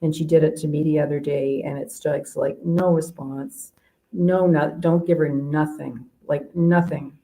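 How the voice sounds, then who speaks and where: Guest spot: a low-pitched woman coach from Canada, rambling and chatty, full of fillers and restarts. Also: fairly even intonation, unhurried, dark tone, poor audio. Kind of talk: casual interview chat.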